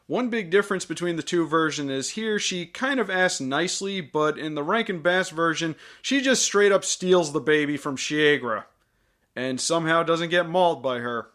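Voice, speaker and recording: A man's voice: a little high, normal speed, a bit bright. A man hosting a scripted film review with sarcastic, jokey asides.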